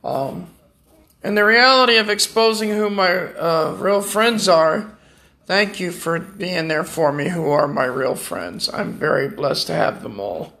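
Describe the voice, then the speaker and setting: High gravelly-voiced man rambling. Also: animated, a little slow, pushed and bright. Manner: rambling, heartfelt, joking. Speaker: vlogger. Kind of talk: casual chat.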